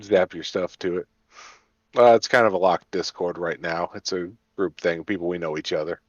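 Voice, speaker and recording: A man's voice: low voice, fairly even intonation, normal speed, dry recording, dull audio. A man hosting a late-night stream, joking around and a bit tipsy after a few drinks. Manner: joking, laid-back. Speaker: streamer, host. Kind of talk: casual late-night chat.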